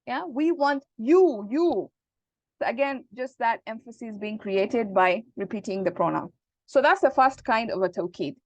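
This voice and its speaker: A woman teaching Arabic grammar in an online class, explaining slowly and checking that students follow. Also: a little high, no echo, lo-fi sound. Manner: patient, repeats points and checks understanding.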